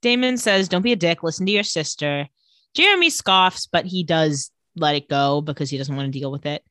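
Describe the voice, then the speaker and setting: Co-hosting a casual podcast, a woman with a deep voice retells a TV episode in lively fashion, acting out the characters' lines in fast voices. The sound is clean and studio-grade, with no room sound.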